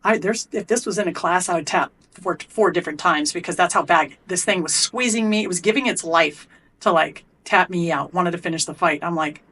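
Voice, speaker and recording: A woman's voice: fairly low pitch, fairly quick. Blunt, profane woman telling a fight story. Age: middle-aged. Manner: blunt and profane, animated retelling. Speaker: guest, athlete and coach. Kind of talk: candid storytelling in a podcast interview.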